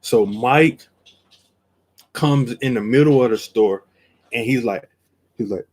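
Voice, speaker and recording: A man telling a story on a live stream, acting out each line and jumping from quiet to loud, seated at his desk camera. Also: slow pace, pauses often. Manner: acts out every quote, jumps from low to loud. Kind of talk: animated storytelling.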